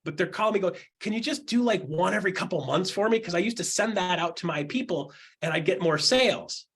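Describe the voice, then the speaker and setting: A middle-aged man coaching real estate agents on a video call, animated, acting out quotes in jumpy voices. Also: fast, breathy edge. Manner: animated, acts out quotes with jumps in pitch. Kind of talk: energetic coaching talk.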